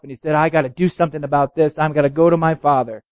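A man preaching a sermon, telling a story and reading scripture, his voice swinging from loud and high to low and quiet. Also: fairly even intonation, racing, dry recording. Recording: dull, dry lo-fi recording.

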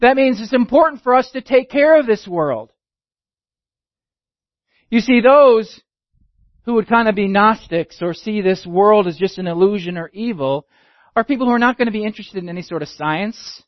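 A man's voice: sits high, normal speed, no echo, highs cut off. A man preaching a teaching sermon, emphatic and repeating key phrases for his listeners. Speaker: pastor.

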